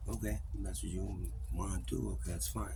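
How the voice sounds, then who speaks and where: A man talking through old family memories in a rambling, profane vlog, often trailing off and halting with fillers. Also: deep voice, fairly even intonation, vocal fry, warm tone, slight background noise. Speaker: vlogger. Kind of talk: confessional vlog monologue.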